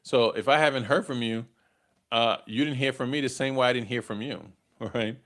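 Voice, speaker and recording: A middle-aged man hosts a live dating podcast. He tells stories in a loose, conversational way and keeps checking in with "right?". His voice sits at an ordinary pitch for a man. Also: steady tone, moderate pace, a bit bright. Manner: conversational, tags lines with "right?", chuckles at own stories. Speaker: podcast host. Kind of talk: casual storytelling on a live podcast.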